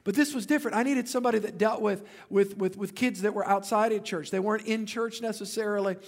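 A man's voice: high-pitched, fairly even intonation, fast. A man, preaching a sermon and telling stories with joking asides to the congregation. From Louisiana. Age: 50s. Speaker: pastor.

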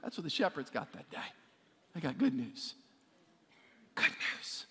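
Pastor, male, high voice, energetic preaching with call-and-response, long hall reverb. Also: brisk, breathy edge. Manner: energetic, repeats words, asks the congregation to respond. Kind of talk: sermon. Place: church sanctuary.

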